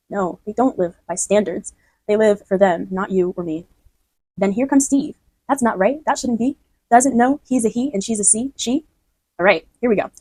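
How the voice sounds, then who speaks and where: A woman's voice: mid-range voice, a little mellow, no room sound, rough recording. A woman explaining her own poem in a chatty way, often restarting and checking that the listener follows. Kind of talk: casual spoken explanation.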